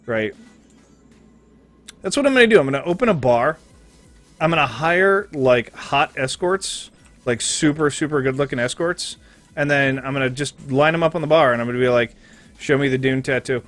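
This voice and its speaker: A man's voice: on the high side, expressive, normal speed, fairly bright tone, soft background music. A man streaming a game, chatting casually in a rambling, joking, profane way.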